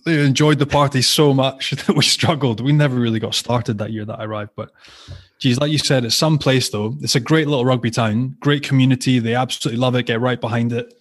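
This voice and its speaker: A man hosting a casual rugby interview, relaxed and quick to laugh. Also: mid-range voice. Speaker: interviewer, former rugby player.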